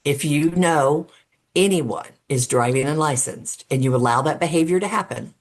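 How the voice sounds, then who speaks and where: On a podcast interview, a road safety advocate, a middle-aged woman with a deep voice, talks at a moderate pace. Her tone is sincere and explanatory; she fills gaps with frequent "um"s and lays out her points step by step like an argument.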